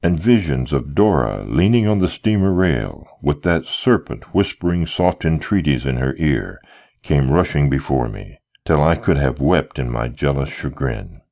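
Male audiobook narrator, very low voice, expressive first-person storytelling. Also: unhurried, creaky. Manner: expressive storytelling, wide melodic swings.

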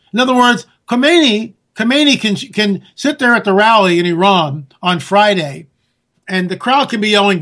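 A man giving a sarcastic, ranting political monologue that rises at times to near-shouts. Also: high-pitched. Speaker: political commentator. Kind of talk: monologue commentary.

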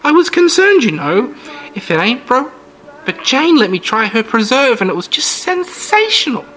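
A man voicing a frail, wiry elderly woman who is sweetly unnerving, in a high, shrill, sing-song voice. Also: very animated, moderate pace, sharp tone, exaggerated voice. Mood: gushing.

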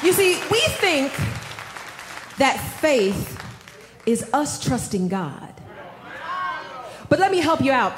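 Woman, preacher, high voice, echoey room, animated storytelling. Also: slow, long pauses, crowd noise, noisy background. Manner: animated storytelling, addresses audience as y'all. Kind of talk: sermon with personal story.

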